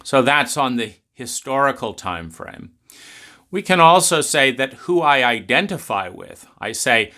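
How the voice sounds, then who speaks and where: A man giving an unhurried philosophical talk, making his points with drawn-out emphasis and pointed rhetorical questions. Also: mid-range voice, big pitch swings, sharp tone.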